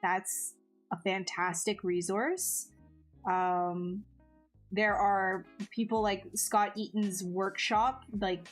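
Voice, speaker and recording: A woman's voice: medium pitch, fairly even intonation, takes it slowly. Woman, live-stream sculptor, casual chat with viewers, self-mocking, restarts sentences, faint music behind.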